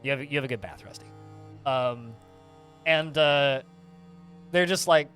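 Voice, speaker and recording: A man's voice: medium pitch, measured pace, a bit bright, soft background music. A man streaming a game, casually telling a rambling anecdote full of fillers. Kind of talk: casual storytelling while playing a game.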